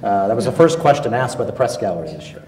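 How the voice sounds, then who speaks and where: A man telling a story as a guest on a public panel, wry and halting, with plenty of fillers. He sounds set back from the microphone. The long tail of a large hall carries his voice. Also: lowish voice, expressive, darkish tone. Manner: wry, hesitant with many fillers. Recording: echoey hall, voice from far off.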